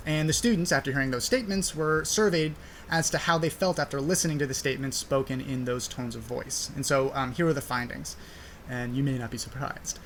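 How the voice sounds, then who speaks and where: A man's voice: mid-range voice, fairly even intonation, a little fast, a bit bright, slight background noise. A young man hosting a podcast, explaining a study in a casual, conversational way with frequent fillers. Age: young adult. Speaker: podcast host.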